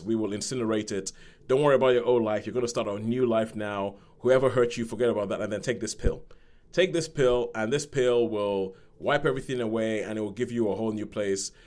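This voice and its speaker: A man's voice: fairly low pitch, darkish tone. A man casually reviewing a film on a podcast, rambling and repeating words as he acts out bits of dialogue.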